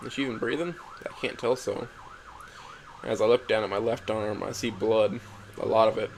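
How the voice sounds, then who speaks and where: Low gravelly young man reading a story. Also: fairly even intonation, moderate pace, slight background noise, low-quality recording. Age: young adult. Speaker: narrator. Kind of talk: first-person story reading.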